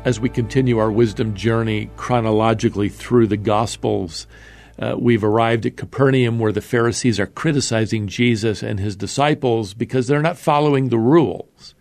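A man's voice: lowish voice, normal speed, a little mellow, faint music behind. A man teaching through a Bible passage verse by verse in a conversational, explanatory way, with fillers and restarts.

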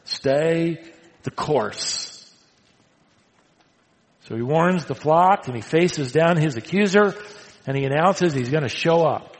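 High-voiced preacher in a reverberant hall. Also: male voice, animated, slow pace, long pauses. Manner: dramatic swings from loud emphasis to hushed tones. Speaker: pastor. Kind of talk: sermon.

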